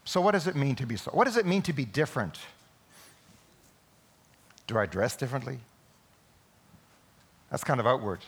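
A man preaching a Sunday sermon in a church, emphatic, with sudden loud peaks. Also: medium pitch, animated, moderate pace, long pauses, breathy edge. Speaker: pastor.

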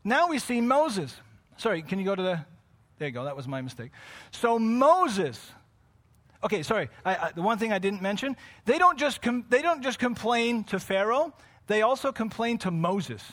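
A man preaching a sermon to his congregation, dropping to quiet, close asides and rising to loud shouts, with frequent off-the-cuff self-corrections. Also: sits high, very animated, moderate pace. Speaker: pastor.

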